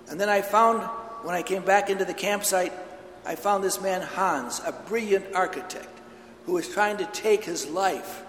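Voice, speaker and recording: A man's voice: high voice, moderate pace, fairly bright tone, a little hiss or hum. A man preaching a homily, earnest and telling stories, in a large church. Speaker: priest. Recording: echoey church hall with long reverb.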